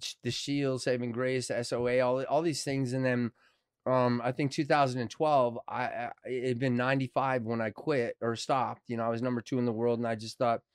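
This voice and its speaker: A man's voice: medium pitch, normal speed, clean tone, dry recording, clean studio sound. A middle-aged man, an actor telling a story as a podcast guest in casual conversation, acting out what people said and swearing freely. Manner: animated, acts out quotes with swearing.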